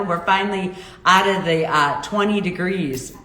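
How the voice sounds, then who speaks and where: Brief: middle-aged woman, lowish voice, bubbly livestream host, roomy echo and faint hiss. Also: moderate pace, pushed and bright. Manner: chatty, bubbly, exclaims at comments. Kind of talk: casual live chat reading viewer comments. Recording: echoey room with faint noise.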